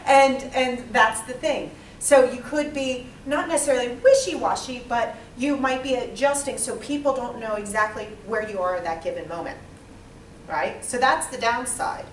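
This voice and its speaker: A woman leading a small interactive training session, lively and quizzing the group. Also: fairly high pitch, normal speed, slight background noise. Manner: lively, asks the group questions, acts out types. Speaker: workshop trainer. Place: small training room with a few participants. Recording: echoey room, mic far off.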